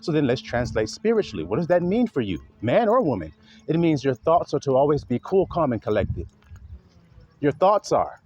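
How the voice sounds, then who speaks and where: At a moderate pace and with a breathy edge, a man preaches, posing rhetorical questions to his audience. He performs animated, exaggerated voices and moves his pitch widely. The highs in the recording are cut off.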